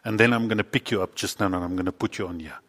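A man preaching a lively story sermon in a church with a child volunteer, playful and animated, with sudden loud bursts. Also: low voice, rapid-fire, long reverb tail. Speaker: pastor.

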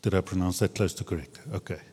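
A man's voice: low voice, fairly even intonation, quick pace, a little mellow, slightly rough. A man preaching a sermon in a casual, searching way, often repeating words as he restarts. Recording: long reverb of a large hall.

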